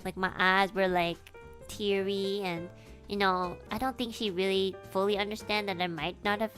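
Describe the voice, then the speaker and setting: A young woman from Canada telling a personal story in a casual, animated, emotional way, swearing now and then. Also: medium pitch, normal speed, faint music behind. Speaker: streamer.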